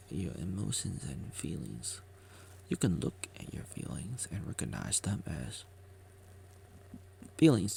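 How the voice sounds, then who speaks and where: A man's voice: lowish voice, gravelly, a little mellow, breathy edge. A man vlogging a rambling motivational monologue, repeating himself and joking with himself as he talks.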